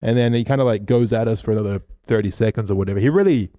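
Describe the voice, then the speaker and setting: This young Australian podcast co-host has a lowish voice and races through a story, swearing a lot as he animatedly spins it in a casual way. The recording is dry and studio-clean.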